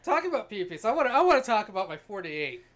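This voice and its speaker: A woman's voice: medium pitch, big pitch swings, very fast. A woman co-hosting a podcast in casual chat, adding wry joking asides. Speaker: podcast co-host.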